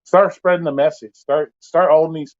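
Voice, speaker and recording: A man's voice: on the high side, fairly even intonation, normal speed, darkish tone, highs cut off. A man hosting a casual livestream, ranting bluntly with heavy profanity and exasperation. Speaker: livestream host.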